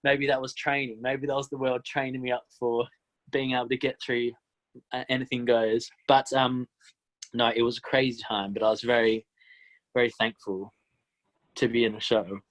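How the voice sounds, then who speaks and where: A young man in his twenties, a musical theatre actor chatting as an interview guest, animated and quick to laugh. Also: medium pitch. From Australia (Tasmania). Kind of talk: casual interview chat.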